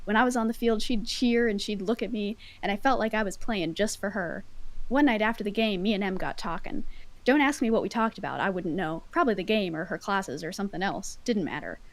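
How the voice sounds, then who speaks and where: A woman's voice: mid-range voice, brisk, low-quality recording. A woman chatting and reading a story aloud with a self-conscious, giggly manner. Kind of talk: casual chat and dramatic reading. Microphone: headphones.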